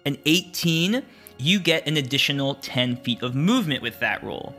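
A man's voice: a little high, animated, moderate pace, sharp tone, soft background music. Laughing man running a tabletop game. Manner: upbeat, laughs often, with filler restarts. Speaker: game master.

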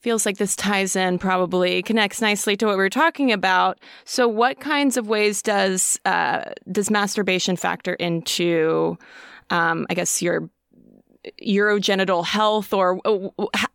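A woman hosting a podcast, her voice gravelly yet smooth and close to a dry microphone. She asks questions hesitantly, circling back and restarting as she searches for words. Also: medium pitch, normal speed, a bit bright, dry recording. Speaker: podcast host. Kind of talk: interview questions.

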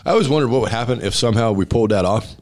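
A man's voice: mid-range voice, lively intonation, very fast. A man who owns a restaurant and once played football as a center, telling stories in a casual interview in a blunt, emphatic way and acting out the dialogue. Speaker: restaurant owner and former college football center.

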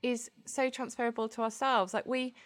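A woman's voice: a little high, flat delivery, normal speed. A woman co-hosting a casual chat, speaking candidly and reflectively, often restarting her sentences.

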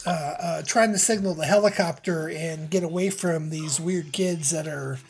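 A woman's voice: sits low, normal speed, darkish tone, slightly rough. A woman playing a stiff, put-upon rich heir. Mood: flustered. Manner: hesitant, formal and a little pompous. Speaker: player voicing a character. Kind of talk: tabletop game role-play.

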